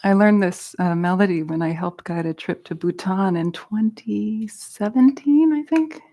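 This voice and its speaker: Woman meditation teacher from Central California, unhurried delivery, gentle, explanatory, a little playful. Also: mid-range voice. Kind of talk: teaching a Buddhist class.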